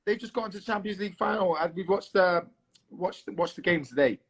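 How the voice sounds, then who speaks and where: A husky-voiced man with a London accent chats loosely as an interview guest. He swears casually, restarts his sentences and leans on "um" as he talks. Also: high-pitched, a little fast. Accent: English, London. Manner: chatty, swears, fills with "um" and restarts. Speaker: guest fighter.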